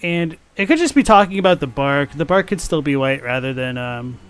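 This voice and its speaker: A man's voice: on the high side, animated, a little fast, smooth. A man streaming a game, chatting casually about its lore and thinking aloud as he plays. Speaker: gaming streamer. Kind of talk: casual gameplay commentary with lore talk.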